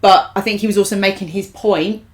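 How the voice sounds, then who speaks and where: A woman co-hosting a TV reaction show, talking through an episode in a measured, analytical way. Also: medium pitch, fairly even intonation. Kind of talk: casual chat reacting to a TV episode.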